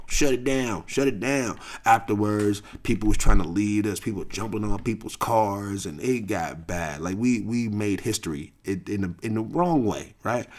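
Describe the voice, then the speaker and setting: A middle-aged man with a St. tells a story in casual, profane podcast talk. His voice sits low, but his pitch swings widely as he laughs and acts out heated shouting. He is loose, lively and unfiltered. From St. Louis, USA. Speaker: podcast host and basketball coach.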